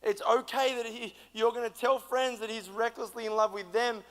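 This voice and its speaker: A man's voice: very high voice, flat delivery, moderate pace, fairly bright tone. A man, giving a playful youth sermon as a guest speaker and telling a story with laughter. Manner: playful, laughing, acts out quoted voices. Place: large church hall. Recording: echoey hall with long reverb.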